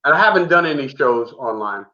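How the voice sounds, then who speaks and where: A comedian from the Bronx, a man, telling a road story in a casual, animated chat and repeating himself for emphasis. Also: medium pitch, fairly quick. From the Bronx, New York. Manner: animated, repetitive storyteller saying "man" a lot. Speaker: comedian guest. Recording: dull lo-fi remote audio.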